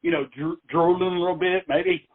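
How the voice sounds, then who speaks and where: A rambling man hosting a casual comedic interview, his fairly high voice dry and narrow, like it is coming through a phone. He talks in a folksy way, with loose asides and restarts. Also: little pitch movement, fairly quick, dry recording. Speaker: host.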